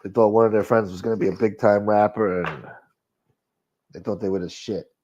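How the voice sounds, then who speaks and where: Low-voiced profane New host. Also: male voice, fairly even intonation, a little fast, a little mellow, a little hiss or hum. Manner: profane, rambling, reacting to viewer comments. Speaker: live stream host reading chat. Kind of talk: casual chat. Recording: dull lo-fi audio.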